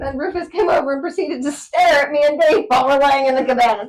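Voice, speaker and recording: A woman co-hosting a casual podcast, telling stories in an animated way and laughing often. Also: high voice, fairly quick, hardly any pauses. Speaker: podcast co-host. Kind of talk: casual chat.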